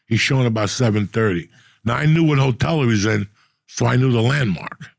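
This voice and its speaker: A middle-aged man telling profane stories in a casual, animated way, acting out the people he quotes. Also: mid-range voice, brisk, creaky, no room sound, clean studio sound. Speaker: podcast host. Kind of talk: casual storytelling.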